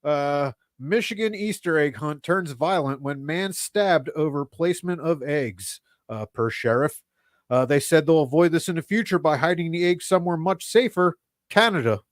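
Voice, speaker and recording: Middle-aged philly comic, deadpan, slightly high voice, dry close sound. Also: male voice, moderate pace, no room sound. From Philadelphia area. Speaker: podcast co-host. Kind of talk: casual comedy podcast chat.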